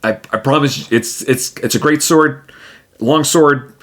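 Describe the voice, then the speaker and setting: A man's voice: medium pitch, a little slow, fairly bright tone, pitched above the performer's own voice, lightly acted. A man as a proud, boastful blacksmith. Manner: boastful, stammering.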